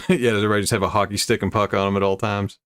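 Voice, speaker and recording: A man's voice: fairly low pitch, flat delivery, rapid-fire, fairly bright tone, clear, resonant tone, no echo, clean studio sound. A man hosting a casual live-streamed chat about odd news stories, laughing often and rambling as he reacts to viewer comments. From United States. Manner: chuckling, rambling, self-interrupting. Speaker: streamer host.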